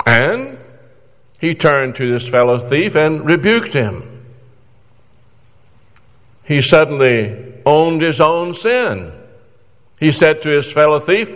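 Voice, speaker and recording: A man's voice: fairly high pitch, big pitch swings, measured pace, pauses often, fairly bright tone, big-room sound. A man preaching a sermon in an earnest, exhorting way, pleading with his listeners through questions.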